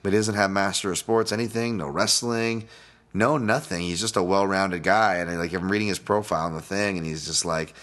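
A deep-voiced man talks casually into the mic, hosting his own podcast. He rambles from point to point, drops curses freely and chuckles at his own jokes. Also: brisk, fairly bright tone. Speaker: podcast host and fight analyst. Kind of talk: casual solo podcast breakdown.

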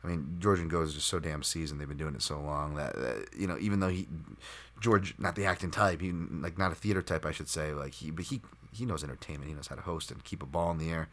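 A man's voice: very deep voice, fast talker, a bit bright. A man hosting a solo podcast, talking unscripted in a rambling, self-deprecating way with lots of fillers and restarts. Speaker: podcast host.

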